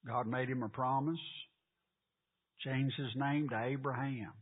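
A man teaches a Bible class, tossing questions to the room and hammering home each point. His voice is husky. The sound is thin and phone-like. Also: mid-range voice, steady tone, unhurried. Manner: asks the class questions, repeats key points.

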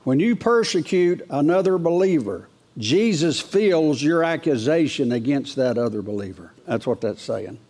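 Hardly pausing, an animated man with a darkish voice preaches a folksy sermon verse by verse at normal speed. Reading scripture aloud raises his pitch, and he regularly turns to the congregation with questions.

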